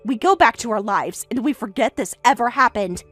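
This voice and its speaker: This is a woman acting as a defensive, frantic mother in middle age, talking loudly, shrilly and insistently while faint music plays. She sounds animated and fairly bright, moving at a fairly quick clip.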